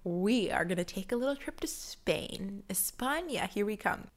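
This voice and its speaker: A woman in her twenties hosting her own podcast, chatting earnestly and confidingly, sometimes dropping to a hushed voice for emphasis. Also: mid-range voice. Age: 20s. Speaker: podcast host. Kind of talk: casual solo podcast talk.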